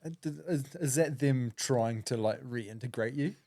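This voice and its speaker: A man hosting a podcast, asking questions and making relaxed, joking interjections. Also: medium pitch, moderate pace, no room sound. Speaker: podcast host. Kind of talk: casual interview chat.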